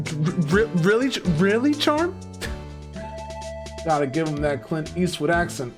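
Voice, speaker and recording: A lively, jokey streamer reading game dialogue and riffing on it, with a voice that swings widely in pitch. The talk is loose and animated, with game music steady behind it. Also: a little slow. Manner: animated, jokey, swears often.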